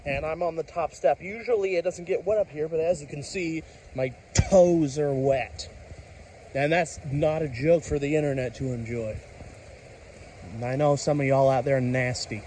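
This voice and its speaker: A tired man in casual, rambling vlog commentary, excitable and talking to himself while standing outside in a rainstorm. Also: on the high side, normal speed, a little hiss or hum, low-quality recording. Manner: chatty, excitable, talks to himself, mild self-censored cursing. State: tired from staying up all night. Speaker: vlogger. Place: outdoors on a top step in a rainstorm. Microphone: handheld camera. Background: rain falling.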